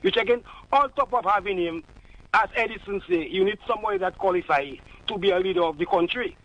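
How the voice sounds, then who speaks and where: Dominican man, caller; fast, high, fervent and rambling, dull dry line. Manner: fervent, rambling, repeats catchphrases. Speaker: radio caller. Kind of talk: call-in political commentary.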